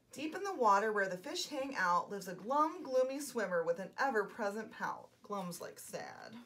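A woman librarian hosting a children's story time, gentle, soft-spoken and encouraging as she reads aloud. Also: medium pitch, huge pitch swings, a little slow, far from the mic, a little hiss or hum.

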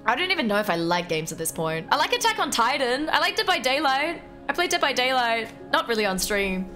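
A young Australian woman streaming a game live, excitable and quick to swear and laugh as she chats with her viewers. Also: on the high side, soft background music. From Melbourne, Australia. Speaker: livestreamer. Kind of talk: casual live game commentary.

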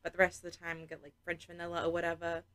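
A sleepy woman co-hosting a casual podcast, relaxed and drowsy, with lots of filler words. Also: on the low side, very fast, no echo. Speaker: co-host.

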